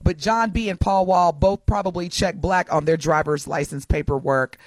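A woman co-hosting a casual radio talk show, animated and quick to laugh as she reads listener messages aloud. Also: on the low side, no echo. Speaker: radio co-host.

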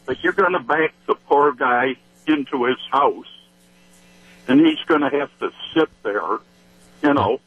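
A man's voice: mid-range voice, unhurried, long pauses, husky. A man calling into a radio show, speaking in an easygoing, hesitant way. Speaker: caller. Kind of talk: call-in radio opinion. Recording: tinny phone line with hum.

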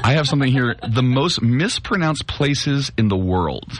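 A man's voice: mid-range voice, lively intonation, normal speed, crowd noise. A man co-hosting a podcast, teasing his friend and reading items off a list in casual chat. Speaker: podcast co-host.

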